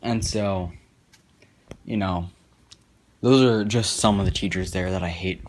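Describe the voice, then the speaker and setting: A man's voice: deep voice, steady tone, measured pace. A young man telling a sarcastic, profane story as casual commentary over gameplay. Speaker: gaming commentator.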